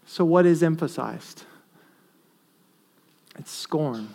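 Male pastor, high-pitched, earnest sermon delivery with emphatic stresses. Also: slow pace, gravelly, breathy edge. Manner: earnest, rises to emphatic stresses then drops to quiet asides.

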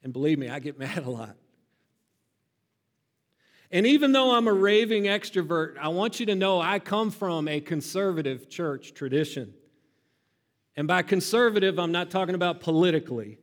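A man preaching a sermon to his congregation, expressive and building to loud emphatic peaks. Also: sits high, normal speed, long pauses. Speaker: pastor. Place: church sanctuary. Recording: reverberant sanctuary hall.

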